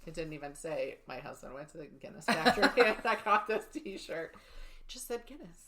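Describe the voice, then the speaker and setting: A woman's voice: low voice, animated, moderate pace, fairly bright tone. A woman co-hosting a true-crime podcast who chats casually, laughs often and swears. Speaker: podcast co-host.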